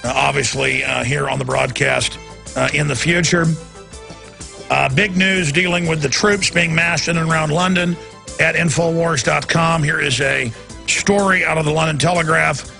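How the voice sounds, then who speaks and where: Gravelly, forceful talk radio host. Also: male voice, fairly high pitch. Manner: rambling, emphatic, repeats himself. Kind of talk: unscripted talk radio monologue.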